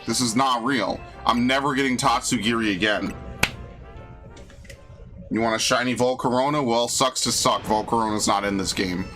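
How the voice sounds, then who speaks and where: Brief: young New guy streaming games, fed up and swearing, mid-pitched bright voice. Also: moderate pace, soft background music. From New York. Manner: exasperated, profane ranting. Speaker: game streamer. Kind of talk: live game stream commentary.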